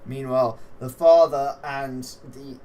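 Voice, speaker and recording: A man's voice: mid-range voice, fairly even intonation, a little slow, darkish tone. A man as game master, narrating a tabletop wrestling game with playful, vivid play-by-play.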